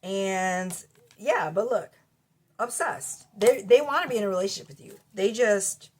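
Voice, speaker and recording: A woman's voice: mid-range voice, a little slow, a little hiss or hum. A woman with children doing a casual tarot reading to camera at home, blunt and profane, laughing often. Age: adult with children. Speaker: tarot reader. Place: cluttered bedroom at home. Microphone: camera mic.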